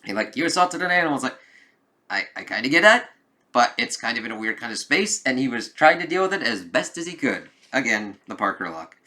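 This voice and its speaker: A man giving a casual, rambling review of a comic book, swearing often and acting out dialogue in lively voices. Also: mid-range voice, fairly quick. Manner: profane, rambling, with many "like" fillers.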